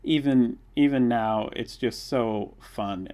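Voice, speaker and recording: A young man hosting a live watch-along stream, reading viewers' comments aloud and chatting excitedly as a fan. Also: mid-range voice, normal speed. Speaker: livestream host.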